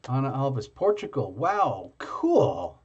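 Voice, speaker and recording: A man hosting a live tarot reading stream, chatting casually with viewers in a halting way, full of fillers and restarts. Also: medium pitch, very animated, darkish tone, dull audio, slight background noise.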